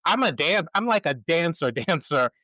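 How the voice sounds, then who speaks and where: A male podcast host, an animated storyteller who laughs often while chatting casually. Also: a little high, normal speed, dry recording, poor audio. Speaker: stage performer. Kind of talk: casual conversation.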